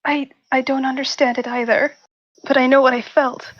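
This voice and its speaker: A woman's voice: sits high, flat delivery, normal speed, no echo. A woman playing a tabletop game, speaking earnestly and in character. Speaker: player. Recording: dull, lo-fi mic.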